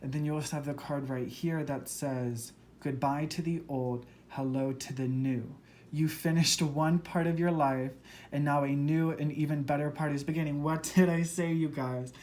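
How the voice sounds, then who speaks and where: A tarot reader and medium giving an earnest, emotional spoken tarot reading to viewers, gushing and spiritual, often speeding up in excited bursts. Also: medium pitch, normal speed.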